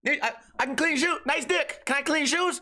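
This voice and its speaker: A relentless mall shoe-shine hustler, high and nagging, pressing the same offer again and again, as a man puts him on. His voice sits well above an ordinary pitch and never lets up. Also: fast, sharp tone, exaggerated voice. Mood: pushy. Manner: insistent, wheedling sales pitch.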